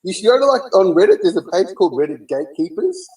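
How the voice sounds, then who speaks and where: Blunt Australian man, slightly high voice, heated debater, heard from a distance over a call. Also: big pitch swings, quick pace. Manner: forceful, blunt, swears, repeats words when pressing a point. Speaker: debate guest.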